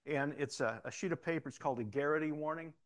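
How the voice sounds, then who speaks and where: A man who is both a pastor and a police officer, telling his stories in an animated way, acting out the dialogue and often repeating words as he starts a sentence. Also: on the high side, fast talker. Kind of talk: storytelling testimony.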